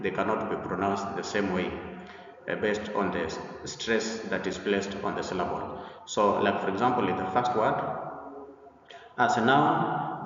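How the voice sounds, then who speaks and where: Echoey, distant male teacher explaining slowly. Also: fairly low pitch, a bit bright, a little hiss or hum. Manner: deliberate, repetitive explaining with frequent "uh" pauses. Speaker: English teacher. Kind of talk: slide-based pronunciation lesson. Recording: echoey room, far from the mic, dull sound.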